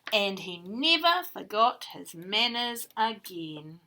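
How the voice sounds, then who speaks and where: A woman teacher reading a picture book to young children in an expressive storytelling manner. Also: fairly high pitch, measured pace, heavy background noise.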